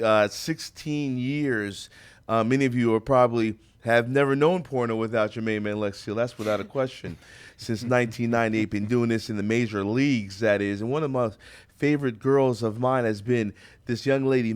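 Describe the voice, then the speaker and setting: A man's voice: medium pitch, clear, resonant tone. A man hosting a radio talk show from a studio, bantering and joking with a playful, hyped announcer-style delivery.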